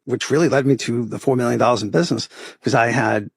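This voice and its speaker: A middle-aged man from Boston with a Boston accent, a podcast guest telling stories about his photography business in a casual, animated way, often adding "right?". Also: medium pitch, fast, vocal fry, breathy edge, dry recording, clean studio sound. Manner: animated storyteller, acts out quoted voices, often adds "right?". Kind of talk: casual interview storytelling.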